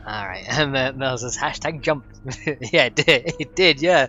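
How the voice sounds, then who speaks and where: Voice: medium pitch, unhurried, long pauses, bright, forceful tone. A streamer, chatting casually while coding a game mod, giggly and rambling and swearing freely.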